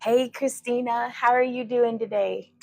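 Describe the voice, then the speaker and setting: A woman's voice: on the high side, steady tone, unhurried, vocal fry, soft background music. A woman hosting a casual livestream, chatty and giggly, often laughing at herself. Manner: giggly, chatty, self-deprecating. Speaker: livestream host.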